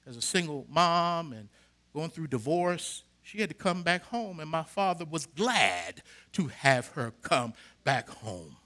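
A middle-aged pastor preaches to his church in a high, piercingly bright voice. He builds to loud, emphatic bursts and calls out to the people in the pews. His tone stays ringing and sharp even when he drops to a quieter passage. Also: unhurried. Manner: preaching with rising emphatic bursts and call-outs to the congregation. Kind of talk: sermon.

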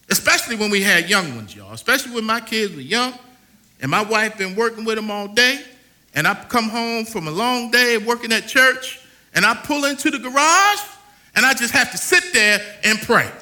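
High, lively preaching man with drawl. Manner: preaching with dramatic swings between loud calls and hushed lists. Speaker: pastor. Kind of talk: sermon.

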